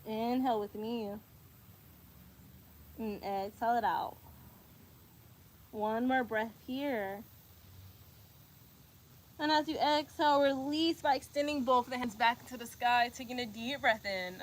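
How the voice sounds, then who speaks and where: A woman's voice: a little high, unhurried, pauses often, slight background noise. A woman guiding a yoga class, cueing breaths and poses while doing them herself, a little out of breath, encouraging and casual. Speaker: yoga instructor.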